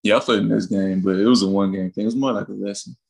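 Young college athlete from Mississippi, interview guest; deep monotone with vocal fry, easygoing rambling delivery. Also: male voice, very fast, poor audio. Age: young adult. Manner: relaxed, rambling with fillers and restarts, laughs while telling stories. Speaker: college basketball player, guest. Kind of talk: casual interview storytelling.

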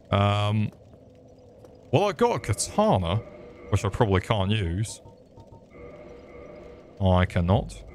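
A man's voice: fairly low pitch, a little mellow, slight background noise. A young man giving crude, joking commentary while playing a game and talking to the enemies. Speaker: streamer. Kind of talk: gameplay commentary.

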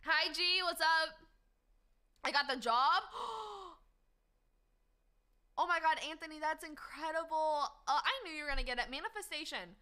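High, bright-voiced woman streamer. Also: brisk. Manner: upbeat and slangy, shouting out viewers one by one. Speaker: live streamer. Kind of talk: casual live-stream chat.

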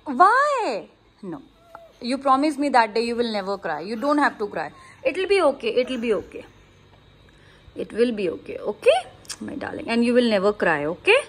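A woman in her thirties with an Indian English accent, chatting and coaxing as a mother in a casual family vlog, mixing English with Hindi and soothing gently. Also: a little high, sing-song, normal speed. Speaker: vlogger mother. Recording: faint background noise.

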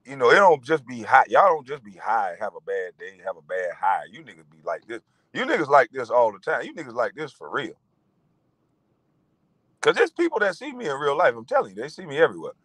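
A man in his forties ranting in a profane monologue, animated and mocking, breaking into laughter. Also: mid-range voice, a little fast, dry recording, rough recording. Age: 40s. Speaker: vlogger.

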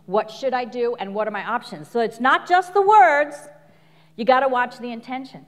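A middle-aged woman coach giving an animated live talk full of stories, laughing often and acting out quotes. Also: a little high, normal speed, big-room sound. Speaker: speaker and coach. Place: large venue before an audience.

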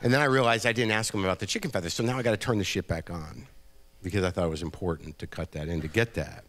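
Wry, rambling comedian telling a story. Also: male voice, sits low, quick pace, a bit bright. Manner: wry, rambling, lots of "you know" and "like". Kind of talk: live storytelling reading. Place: event stage.

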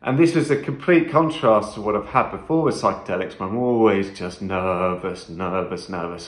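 A man's voice: sits low, normal speed, roomy sound. A man vlogging a first-person trip report, talking intensely and emphatically, swearing often and repeating phrases.

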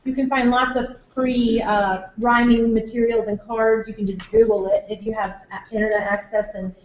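A woman's voice: fairly high pitch, little pitch movement, normal speed. A woman teacher presenting a workshop to parents, chatty, with many fillers and restarts. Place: school room or hall. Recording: echoey room, dull lo-fi sound.

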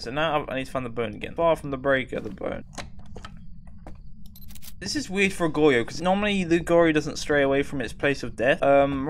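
A man's voice: mid-range voice, fairly bright tone, slight background noise. A young man giving jittery, jokey commentary while playing a horror game, often talking to himself. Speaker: gaming streamer. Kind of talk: live gameplay commentary.

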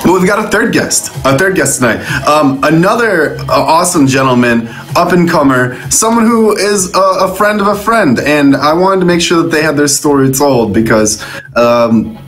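Lively playful male stream host. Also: a little high, moderate pace. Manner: playful, laughs at himself, fills with "um" and "uh". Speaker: show host. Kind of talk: casual live-stream interview.

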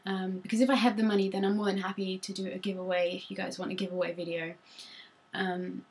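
A woman's voice: medium pitch, flat delivery, fast talker, a little mellow. A young woman from Norfolk with a Norfolk English accent, chatting casually to camera at home as a beauty vlogger, rambling and self-conscious with many ums. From Norfolk, England.

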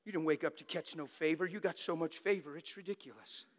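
A man preaching a fervent, exhorting sermon that bursts into shouting, in a church. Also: on the high side, quick pace, in a large hall.

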